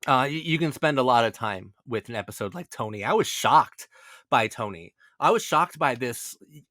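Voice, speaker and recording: A man giving a casual spoken analysis as a video essay host, animated and excitable, stumbling over repeated words and swearing casually. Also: medium pitch, normal speed, no room sound, studio quality.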